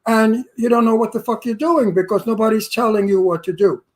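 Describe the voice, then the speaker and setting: A man's voice: high voice, fairly quick. An older man with a Brooklyn New York accent, hosting a casual interview and telling blunt, salty, joking stories. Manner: blunt, salty, jokey storyteller. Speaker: host.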